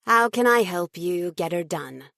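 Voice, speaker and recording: A woman voicing a smooth, predatory agency witch with a silken British accent and a simpering manner. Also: fairly low pitch, expressive, a little slow, sharp tone, dry recording, clean studio sound, full character voice. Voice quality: silken-voiced. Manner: simpering, sugary.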